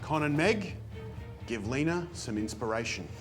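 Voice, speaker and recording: A man's voice: a little high, expressive, normal speed, over music. A man hosting a mock comedy class, lecturing in a pompous, self-important way. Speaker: comedy show host. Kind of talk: scripted mock-instructional comedy.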